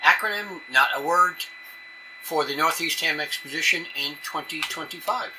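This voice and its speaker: A man's voice: a little high, normal speed, noisy background. An older man from New York City giving a chatty conference talk with rambling asides. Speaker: presenter. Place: conference room.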